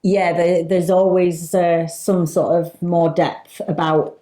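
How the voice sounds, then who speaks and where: A woman from Leeds with a broad northern English accent and a fairly low voice. She co-hosts a casual chat, talking with enthusiasm but often stopping on fillers and restarts. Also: level tone, mellow. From Leeds, England. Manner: chatty, enthusiastic, halting with fillers. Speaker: co-host.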